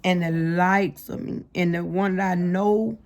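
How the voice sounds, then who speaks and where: A woman's voice: lowish voice, fairly even intonation, unhurried, a little mellow. A young adult woman telling her life story in a casual storytime monologue, slangy and speaking straight to her viewers.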